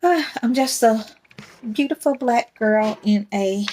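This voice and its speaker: Slow-talking rambling woman podcaster. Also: a little high, darkish tone, slight background noise. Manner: rambling, candid, laughs often. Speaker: podcast host. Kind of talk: casual faith talk.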